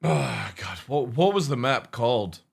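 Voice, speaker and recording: A man's voice: mid-range voice, big pitch swings, a little slow, vocal fry, husky. A young Scottish man chatting with his viewers while streaming a game, blunt and sweary, humming and musing aloud as he thinks. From Scotland. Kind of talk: casual live-stream chat.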